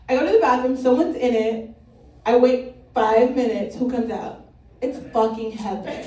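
A woman's voice: on the high side, measured pace. A woman from Brooklyn doing a stand-up set on a comedy club stage, telling stories in a blunt, profane way. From Brooklyn, New York. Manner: blunt, profane, animated storytelling. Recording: echoey club, mic heard from a distance, crowd laughter.

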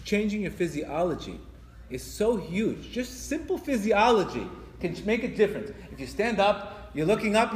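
High-voiced man lecturing in echoey hall. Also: a little hiss or hum. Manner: animated, stammering restarts, acts out quoted voices. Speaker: religious teacher. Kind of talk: spiritual lecture to an audience. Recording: echoey hall with long reverb.

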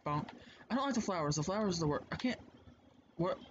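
A man's voice: high voice, expressive, quick pace. Chatty swearing man on a lo-fi mic. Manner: rambling, chatty, swears freely. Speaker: let's play host. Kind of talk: casual gameplay commentary. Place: home, indoors. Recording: dull lo-fi mic with clear noise.

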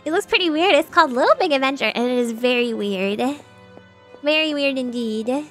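A woman's voice: sits high, expressive, a little fast, fairly bright tone. A young woman streaming a video game, chatting casually and giggling as she reacts to what happens on screen. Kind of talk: casual gameplay commentary. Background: game music.

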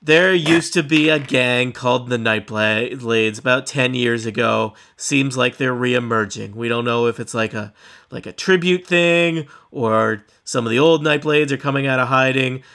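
A man voicing a gruff, weary small-town woman sheriff, drawling and world-weary. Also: medium pitch, a little slow, sharp tone.

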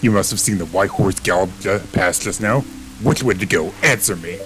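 A man reading the lines of an arrogant male villain king from a video game in his own plain, lowish voice. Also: normal speed, fairly bright tone, slight background noise, rough recording. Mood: taunting.

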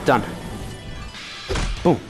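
Excitable man trash-talking while gaming. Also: drawn-out words. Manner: joking trash talk, excitable outbursts. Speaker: gaming video host. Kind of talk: let's-play commentary. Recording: game music playing behind.

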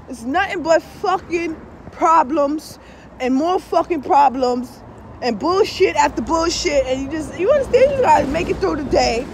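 Very high-voiced, blunt and foul-mouthed woman. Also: moderate pace, a little hiss or hum. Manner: profane and blunt, peppered with swear-word fillers; animated, with frequent laughs and asides. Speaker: tarot reader and spiritual vlogger. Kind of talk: casual rambling monologue.

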